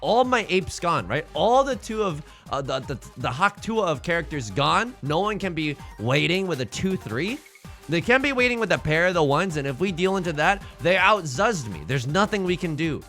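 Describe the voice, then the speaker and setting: Guy streaming mahjong, super lively voice all over the place, dramatic mock outrage at his tiles. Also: a little high, moderate pace, faint music behind. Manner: theatrical, swings between mock outrage and laughter. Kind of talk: live gameplay commentary to chat.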